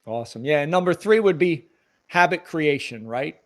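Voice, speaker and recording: A middle-aged man with a fairly high voice gives earnest, motivational coaching advice as an interview guest. He talks in a relaxed conversational way, laying out his points step by step. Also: moderate pace.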